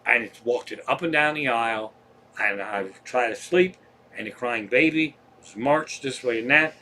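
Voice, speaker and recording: A man's voice: mid-range voice, normal speed, sharp tone, a little hiss or hum. A man, a comedian, telling rambling, profane travel stories on a livestream from home. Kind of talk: casual stand-up storytelling.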